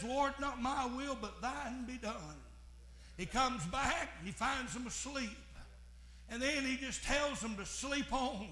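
A man preaches in a high, bright voice, taking his time over each phrase. He swings from hushed passages to fervent, shouted preaching. The sound carries the echo of a church room. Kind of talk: sermon.

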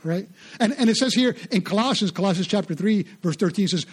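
A man preaching a sermon, animated and conversational, often repeating his words for emphasis. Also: high-pitched, brisk, few pauses, husky. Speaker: pastor.

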